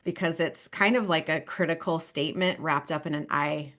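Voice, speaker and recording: A woman in her thirties speaks in a low, chatty voice as a couples therapist on a podcast. She laughs easily and keeps checking in with "right?" and "you know". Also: moderate pace, fairly bright tone. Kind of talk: podcast interview.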